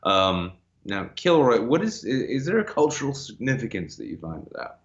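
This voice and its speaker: A man's voice: mid-range voice, big pitch swings, moderate pace, muffled recording. A joking, profane American man co-hosting a live podcast, laughing often. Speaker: podcast co-host. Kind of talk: casual live-stream chat.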